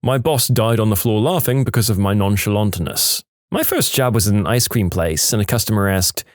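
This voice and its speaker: A man reading stories aloud with a dry, deadpan delivery. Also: lowish voice, brisk, hardly any pauses, no echo. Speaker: story narrator.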